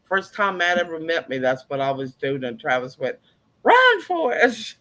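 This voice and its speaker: A woman's voice: a bass voice, fairly quick, fairly bright tone. A woman joking around in casual chat and making silly sound effects. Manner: playful, jokey, makes silly sound effects.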